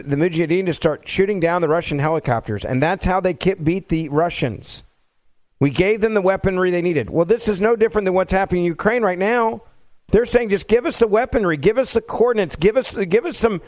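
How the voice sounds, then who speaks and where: Middle-aged male podcast host with a high voice and dry sound; fired-up political monologue that presses rhetorical questions. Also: no echo.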